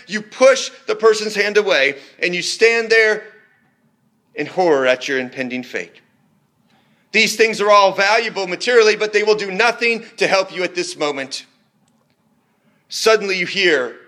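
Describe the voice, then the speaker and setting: A man preaching a sermon in an earnest, measured way, slowing down for emphatic phrases. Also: high voice, a bit bright.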